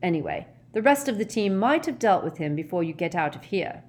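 A cheeky teenage boy teases and chats in an offhand, grinning way, as a woman reading the story puts him on. The voice bounces around with a lively lilt. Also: lowish voice, fairly quick. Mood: casual.

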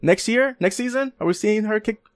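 A man's voice: high-pitched, a little fast, dry recording, studio quality. A young man from California, a podcast guest, chatting casually with lots of laughter and swearing. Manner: laughing, animated storyteller, swears freely. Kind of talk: casual chat.

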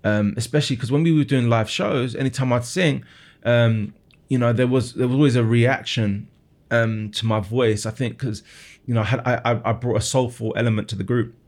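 A man's voice: mid-range voice, a little fast, darkish tone. A man in his thirties, a musician being interviewed, telling his story earnestly with frequent restarts and repeated words. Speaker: guest musician.

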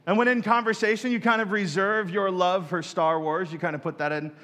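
A man's voice: sits high, fairly even intonation, brisk, a bit bright, big-room sound. A man preaching a sermon as a pastor, casual and joking, who acts out other people's prayers in mock voices.

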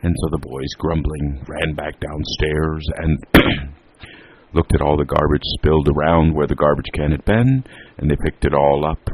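A man telling a homely family story in an unhurried, drawn-out way. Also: very deep voice, a little mellow, husky, rough recording. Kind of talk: storytelling narration.

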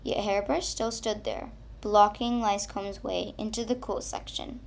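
A woman reading a children's story aloud in a slow, expressive way. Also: medium pitch, creaky. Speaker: narrator.

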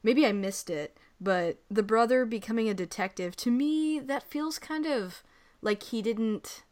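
A woman's voice: fairly high pitch, unhurried, a little mellow. A woman talking casually about a movie, hedging her points with "like" and "I don't know". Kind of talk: casual film discussion.

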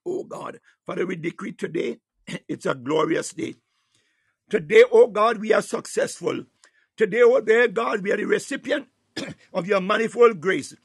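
A man leading a fervent spontaneous morning prayer, punctuating each phrase with calls to God and swelling from hushed tones to near-shouts, at times breaking into tongues. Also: high-pitched, normal speed, creaky, husky, no room sound, clean studio sound. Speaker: prayer leader.

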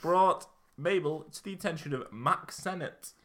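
Bright-voiced joking male podcast host. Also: fairly high pitch, measured pace. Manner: joking, rambling, with fillers. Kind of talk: casual chat.

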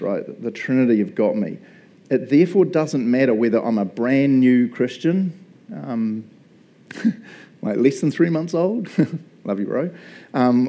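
A man in his fifties delivers a relaxed, storytelling sermon as a pastor, talking to the congregation like friends and breaking into laughs. His voice sits at an ordinary pitch with a soft, mellow tone. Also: rough recording. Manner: casual and chatty, laughs often, says "right?" and "bro".

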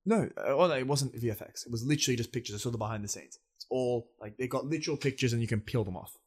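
A young Australian man co-hosting a casual chat, laid-back and sweary, quick to agree. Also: mid-range voice, a little mellow, breathy edge. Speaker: podcast co-host.

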